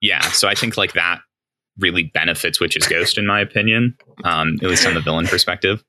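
A man co-hosting a podcast in casual chat, enthusiastic and pausing on "um" as he works through ideas. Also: sits low, sharp tone, no echo, rough recording. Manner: enthusiastic, with "um" pauses.

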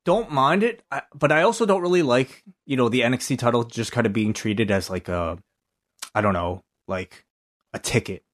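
A man's voice: mid-range voice, moderate pace. A man co-hosting a podcast in casual chat, offhand and hesitant, swearing now and then. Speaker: podcast co-host.

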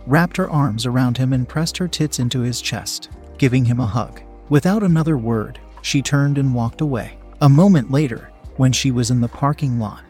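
A man narrating an erotic story in an even, unhurried reading voice. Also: medium pitch.

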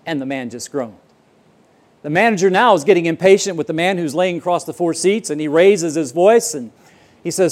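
Male pastor, slightly higher voice, earnest storyteller, sermon delivery. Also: quick pace, darkish tone. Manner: earnest storytelling, repeats words when starting a sentence. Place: church auditorium.

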